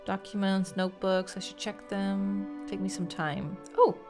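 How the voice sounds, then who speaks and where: A woman's voice: medium pitch, steady tone, unhurried, over music. A woman giving casual let's-play commentary, chatting and thinking aloud as she plays, swearing when frustrated. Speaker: gaming streamer.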